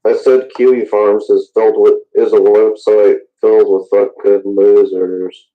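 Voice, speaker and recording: A man's voice: fairly low pitch, little pitch movement, unhurried. A man hosting a casual voice chat, rambling and swearing casually. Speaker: voice chat host. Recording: tinny phone-like chat audio.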